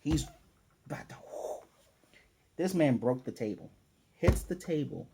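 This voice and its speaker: A man's voice: fairly high pitch, expressive, unhurried, long pauses, background noise. A man casually recapping an anime episode, acting out the characters' lines as he retells the scenes. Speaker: anime reviewer.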